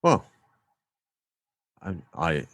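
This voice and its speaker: A man's voice: very slow, a bit bright, no room sound. A man from England co-hosting a podcast in casual chat, rambling through comic stories and acting out the other people in them. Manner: rambling comic storytelling with put-on dialogue. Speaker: podcast co-host.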